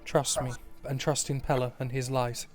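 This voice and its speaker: A man playing a tabletop game, chatting eagerly with quick banter. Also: mid-range voice, level tone, soft background music. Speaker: player. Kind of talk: casual tabletop game chat.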